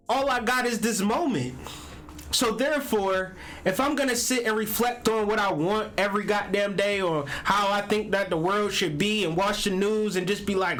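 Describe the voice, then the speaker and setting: A man with a high-pitched voice hosts a casual spiritual video on astrology and tarot. He talks slowly and wanders from point to point, stressing words hard and swearing offhandedly. Soft music plays faintly behind him. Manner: meandering, emphatic, swears casually. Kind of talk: casual spiritual talk to camera.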